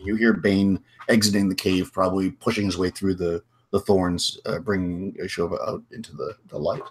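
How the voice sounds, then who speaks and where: A man's voice: deep voice, fairly even intonation, moderate pace, slight background noise. A man running a tabletop game as game master, narrating in a rambling way with many restarts. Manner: rambling, full of restarts and fillers.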